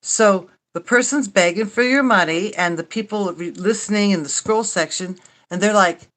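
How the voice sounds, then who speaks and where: A woman's voice: mid-range voice, moderate pace, a bit bright. An older woman hosting a casual livestream chat, rambling and wry, mocking herself and swearing now and then. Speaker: livestream host.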